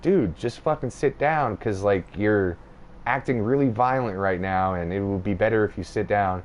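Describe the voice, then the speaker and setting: A man's voice: fairly low pitch, normal speed. A young man hosting a podcast, telling a rambling, profane story in casual chat. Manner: profane, rambling, animated retelling. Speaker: podcast host.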